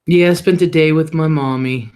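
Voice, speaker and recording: A man's voice: on the high side, fairly even intonation, normal speed, darkish tone. A middle-aged man hosting a livestream, talking casually and rambling about his day, often laughing and swearing offhandedly. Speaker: livestream host.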